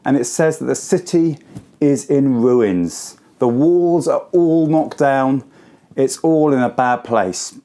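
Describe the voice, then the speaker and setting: A man in his forties giving a school assembly talk, telling a story to children in simple, lively words. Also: mid-range voice, takes it slowly. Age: 40s.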